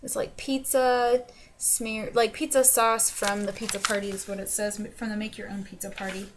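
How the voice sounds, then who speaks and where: A woman's voice: mid-range voice, level tone, normal speed. A young woman with an accent that drifts between New York and the American South, chatting casually through a journal vlog with lots of fillers and restarts. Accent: mixed New York and Southern US. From the Carolinas. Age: young adult. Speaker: vlogger. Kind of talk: casual chat. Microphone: webcam. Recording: webcam with faint background noise.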